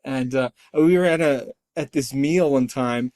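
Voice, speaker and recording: A middle-aged man, a guest on an interview podcast, chatting casually in a lively, self-deprecating way and acting out the voices he quotes. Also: mid-range voice, measured pace, no echo. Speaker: guest, storyteller and artist.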